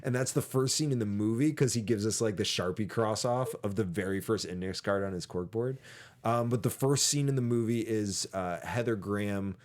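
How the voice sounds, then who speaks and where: A man's voice: fairly low pitch, moderate pace, darkish tone. A man hosting a film podcast in a casual, chatty way, often acting out lines from the movie. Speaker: podcast host.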